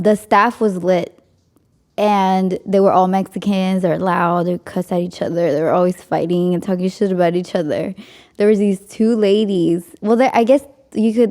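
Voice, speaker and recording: With a mellow, fairly low-pitched voice, this young podcast host chats casually through a story. She leans heavily on "like" and laughs frequently.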